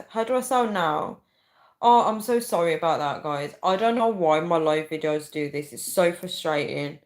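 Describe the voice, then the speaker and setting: A woman's voice: on the low side, poor audio. A woman in her thirties hosting a casual livestream, rambling chattily and often calling her viewers "guys.". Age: 30s. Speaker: livestream host.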